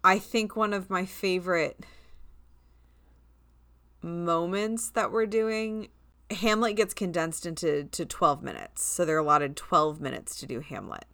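Woman co-host, low pitch, bright tone, dry sound, animated storytelling. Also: measured pace, dry recording. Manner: animated storyteller, acts out quoted lines. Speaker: podcast co-host. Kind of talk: casual chat.

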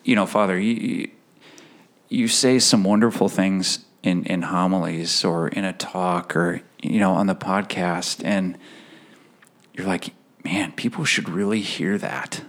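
Earnest low-voiced man telling a personal story. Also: steady tone. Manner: earnest, emotional storyteller who laughs between phrases; halting, with restarts and fillers. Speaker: podcast guest. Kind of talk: personal faith story in a conversational interview.

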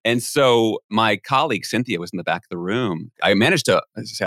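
A man's voice: lowish voice, a little fast, no echo, studio quality. A man, a podcast guest, telling a story in a conversational way and acting out the voices of the people he quotes. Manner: animated, acts out quoted voices.

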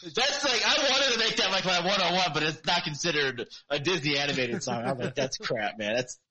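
A man talking in a relaxed podcast chat as a guest, excitable and restarting his sentences often. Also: high voice, a little fast, over a noisy crowd, rough recording.

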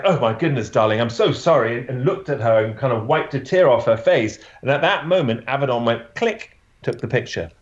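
A man who is a portrait photographer, telling a story in an interview, halting often with restarts and "you know" fillers. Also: medium pitch, roomy sound, lo-fi sound.

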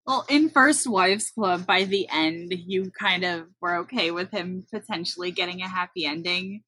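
A woman co-hosting a casual chat, wryly recapping a movie in a steady, explaining way. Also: fairly low pitch, moderate pace, breathy edge, no echo, poor audio. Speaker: podcast co-host.

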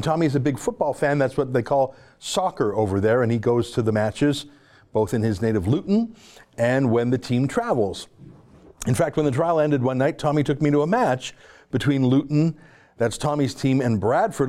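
Canadian male podcast host, brisk and chatty, mellow low-toned voice. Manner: brisk, chatty, self-mocking. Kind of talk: podcast monologue and field report.

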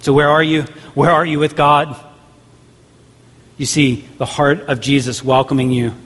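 A man's voice: fairly high pitch, flat delivery, a little slow, a bit bright. A man pastor preaching a sermon earnestly, with repeated rhetorical questions. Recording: long hall reverb.

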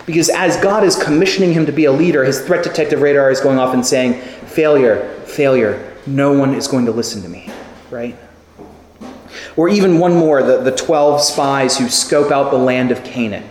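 A man preaching a sermon, telling stories with lively acted-out quotes. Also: medium pitch, normal speed, slight background noise. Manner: animated storytelling with acted quotes. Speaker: pastor. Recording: echoey hall with long reverb.

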